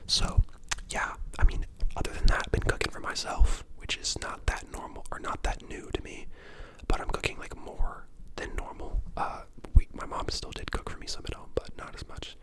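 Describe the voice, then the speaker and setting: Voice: normal speed, few pauses. A person in their twenties whispering a casual ASMR ramble at home, chatty and full of fillers. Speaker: ASMR creator and dental student.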